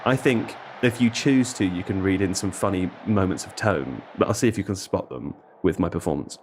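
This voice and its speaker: A man's voice: deep voice, fairly quick, darkish tone. A man hosting a football podcast, playful and theatrical, chatting casually with guests. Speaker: podcast host. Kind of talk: casual chat, laughing often. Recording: noisy background.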